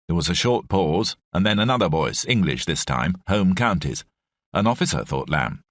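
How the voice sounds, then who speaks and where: A man reading an audiobook in measured, expressive scripted narration. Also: low-pitched, dry recording, clean studio sound.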